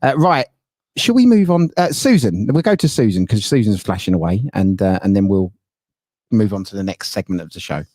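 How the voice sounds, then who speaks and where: A man's voice: fairly low pitch, animated, fairly quick, darkish tone, no echo. A man co-hosting a live audio chat, teasing and bantering. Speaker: co-host. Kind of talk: casual chat.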